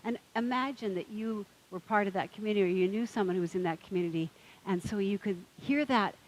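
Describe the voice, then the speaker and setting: A woman's voice: mid-range voice, quick pace, poor audio. Woman minister, sermon, conversational storyteller, mid-range voice.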